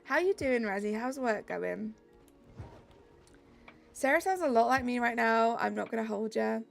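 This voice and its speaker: Young English woman, Southeast accent, upbeat streamer, slightly high with some vocal fry. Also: unhurried, faint music behind. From England. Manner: chatty, reads chat aloud, upbeat. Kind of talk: live-stream chat while gaming.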